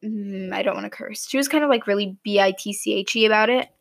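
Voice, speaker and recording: A young woman telling a casual storytime to camera in a chatty, animated way, acting out what her teachers said. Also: mid-range voice, quick pace, vocal fry, a little hiss or hum. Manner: chatty, animated, mimics teachers in quoted lines. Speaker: vlogger. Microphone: camera mic, speaking to camera.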